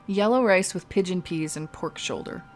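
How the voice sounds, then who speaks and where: A woman's voice: lowish voice, moderate pace, faint music behind. A woman streaming a game live, chatting casually and rambling, laughing often. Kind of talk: casual chat over gameplay.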